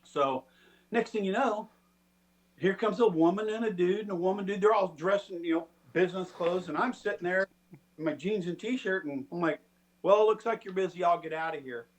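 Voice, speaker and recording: A man with a high voice tells a story in a loose, chatty way. He puts on the voices of the people he quotes. He sounds middle-aged. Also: moderate pace. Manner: animated, acts out quoted people. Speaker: storytelling guest. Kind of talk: casual storytelling.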